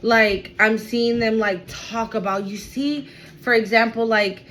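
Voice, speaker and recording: A woman's voice: fairly high pitch, steady tone, measured pace, a bit bright, slight background noise, rough recording. A woman giving a spiritual card reading to her viewers, emphatic and repetitive. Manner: emphatic, repeats phrases, addresses viewers as y'all. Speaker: tarot reader.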